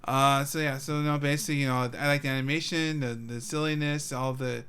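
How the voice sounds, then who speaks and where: A man's voice: mid-range voice, fairly even intonation, a little fast, fairly bright tone, smooth. A man co-hosting a podcast, chatting casually, laughing often and restarting his sentences. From Southern California. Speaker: podcast co-host. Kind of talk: casual chat.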